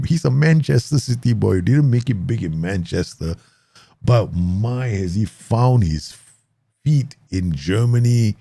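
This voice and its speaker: A man, excitedly commenting on his own football management game for viewers. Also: on the low side, slow pace, vocal fry, no echo, soft background music. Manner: excitable, laughs often, talks to viewers. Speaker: gaming YouTuber.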